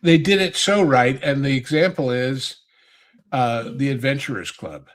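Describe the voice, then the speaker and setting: A man's voice: medium pitch, unhurried. A man on a podcast panel telling rambling, nostalgic stories in casual chat.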